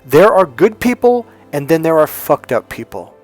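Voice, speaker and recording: A man's voice: fairly high pitch, big pitch swings, moderate pace, darkish tone, faint music behind. A man hosting a dating advice talk, telling his own story in a candid, emphatic way and repeating phrases for stress. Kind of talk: personal storytelling monologue.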